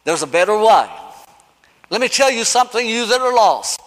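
Preacher guy, really high voice, goes from shouting to hushed, echoey church hall. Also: sing-song, normal speed. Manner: impassioned, swings between shouting and hushed pleading. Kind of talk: sermon. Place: church sanctuary. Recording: long hall reverb.

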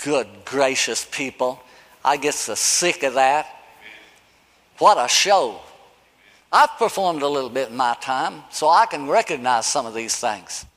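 A man preaching a sermon, impassioned, swinging between shouts and hushed pleading. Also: medium pitch, animated, a little slow. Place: church sanctuary. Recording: long hall reverb.

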